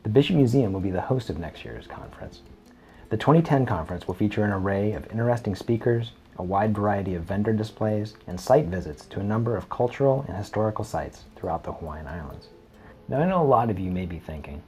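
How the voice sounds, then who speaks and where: A man presenting a comic invitation video for a conference, delivering the pitch in a deadpan, faux-serious manner. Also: brisk, faint music behind. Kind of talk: mock-earnest comic promo presentation.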